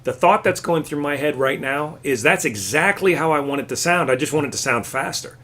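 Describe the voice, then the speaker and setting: A man teaching a live classical guitar lesson, explaining patiently and warmly encouraging his student. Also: a little high, animated, fairly quick.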